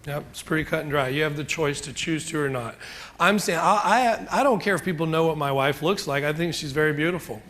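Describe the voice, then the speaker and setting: A man's voice: a little high, fairly quick, fairly bright tone. A middle-aged man giving a chatty, joking real estate seminar, asking the audience questions. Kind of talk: live seminar talk to an audience.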